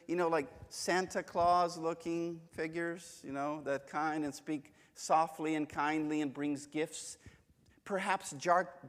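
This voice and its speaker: A man teaching a church Bible class, chatty and joking as he tells stories from home. His voice sits a bit high for a man. The long reverb of a church hall hangs behind him. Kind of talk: casual church lesson with anecdotes.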